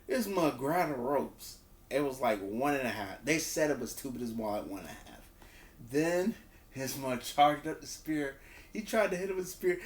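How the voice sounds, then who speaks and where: A man gives a casual spoken review of a wrestling show, talking loosely, repeating words and restarting sentences. He acts out quotes in a higher voice. The recording has a roomy echo.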